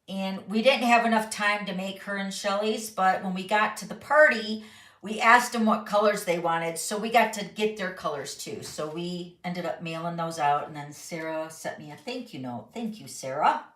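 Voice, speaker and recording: A woman's voice: medium pitch, fairly bright tone, reverberant. A woman hosting a live papercraft chat, talking bubbly and casual while reading viewer comments in her home craft studio. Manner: chatty, bubbly, reads comments aloud. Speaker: papercraft host.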